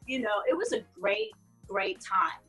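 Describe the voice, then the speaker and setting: A woman's voice: high voice, measured pace, creaky, soft background music, poor audio. A woman guest in a casual interview, telling stories and laughing often. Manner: laughs often, animated storyteller. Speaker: guest actress.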